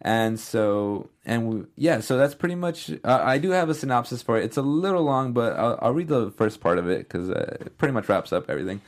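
Young man, casual podcast host, enthusiastic rambling delivery, even middle pitch. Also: brisk, hardly any pauses. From Southern California. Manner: chatty, filler-heavy, enthusiastic. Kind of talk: casual film news chat.

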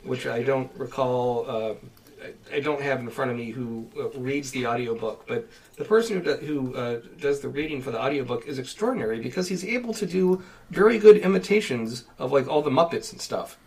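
A man's voice: mid-range voice, expressive, brisk, a little mellow, rough recording. A man co-hosting a casual chat, telling a long story with many fillers and restarts. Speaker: podcast co-host.

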